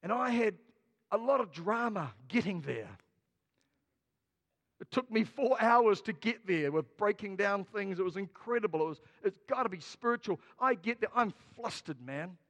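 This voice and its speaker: A man's voice: high-pitched, normal speed, long reverb tail. A man with a New Zealand accent preaching a sermon as a pastor, telling stories with jokes. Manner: storytelling, jokey, lively.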